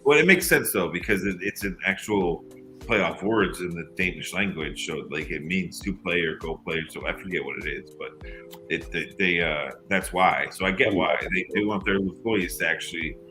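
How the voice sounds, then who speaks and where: A man's voice: sits low, normal speed, sharp tone, faint music behind. A man chatting as a guest on a livestream, emphatic and slangy, often calling people dude. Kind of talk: casual chat.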